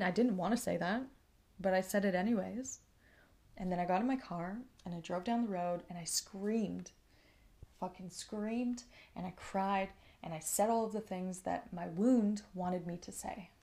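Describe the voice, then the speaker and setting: Creaky-voiced woman hosting a podcast. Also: mid-range voice, a little slow, a little mellow. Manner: reflective, conversational, often checks in with listener. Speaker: podcast host. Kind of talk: candid personal monologue.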